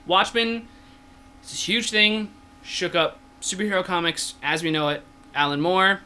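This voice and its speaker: A man's voice: high-pitched, pushed and bright, slight background noise. A young man hosting a casual comics podcast, joking and steering the chat back on topic. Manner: jokey, steers the talk, quick asides. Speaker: podcast host.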